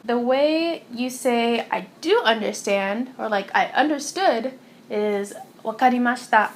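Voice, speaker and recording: A woman's voice: fairly high pitch, lively intonation, a little hiss or hum. Chatty young woman teaching phrases. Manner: chatty, giggly, repeats each phrase slowly. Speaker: language teacher vlogger. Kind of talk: casual phrase lesson. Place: warm room at home.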